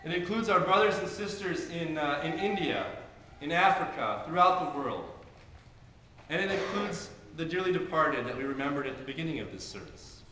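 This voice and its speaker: Bright-voiced pastor in an echoey church. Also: male voice, a little high, expressive, normal speed, slight background noise. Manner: earnest, conversational preaching with homely stories. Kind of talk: sermon. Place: church sanctuary during a service. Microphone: handheld camcorder in the congregation. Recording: very echoey church, camcorder audio.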